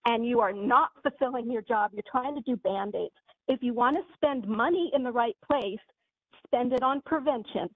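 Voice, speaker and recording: A woman giving an angry, impassioned public comment with halting phrasing, heard over a call. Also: on the high side, husky, dry recording. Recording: phone-like dry call audio.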